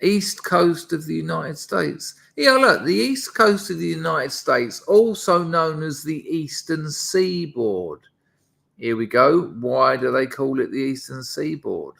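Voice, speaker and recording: A man's voice: a little high, expressive, slow, gravelly, a bit bright. A man hosting a casual live stream, rambling and chatting to his viewers with self-deprecating asides. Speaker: livestream host.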